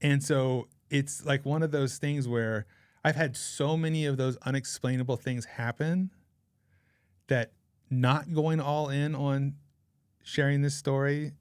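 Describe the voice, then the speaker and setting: A man's voice: medium pitch, steady tone, a little slow, clean tone, dry recording, clean studio sound. A man in his forties, a podcast guest, telling a rambling personal anecdote in a casual, chatty way. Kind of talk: casual storytelling.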